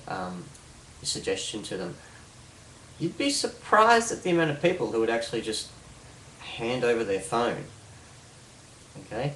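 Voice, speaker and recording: A man's voice: medium pitch, slight background noise. A man casually explaining a hypnosis technique, rambling with fillers and restarts. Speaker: hypnosis instructor. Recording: roomy, distant mic with faint ambience.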